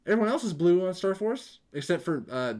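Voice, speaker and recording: A man co-hosting a casual movie review podcast, retelling scenes in an animated way, swearing often and acting out the characters' lines. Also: high-pitched, moderate pace. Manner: animated, swears a lot, acts out quotes. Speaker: podcast co-host.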